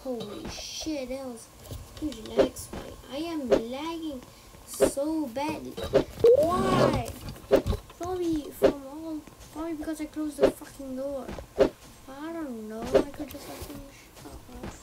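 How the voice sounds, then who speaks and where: A woman's voice: sits high, fairly even intonation, a little slow. A woman commenting casually on her own gameplay, talking to herself, swearing often and dropping into muttered whispers between outbursts. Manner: talks to herself, swears a lot, shrieks when startled, drops to muttered whispers. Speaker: gamer playing on stream. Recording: loud background noise.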